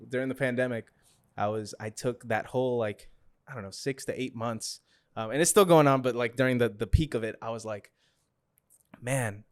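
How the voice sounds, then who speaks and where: A man's voice: medium pitch, clear, resonant tone. A man hosting a podcast, talking in a loose, rambling way with lots of fillers and frequent laughs. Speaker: podcast host. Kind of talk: casual interview chat.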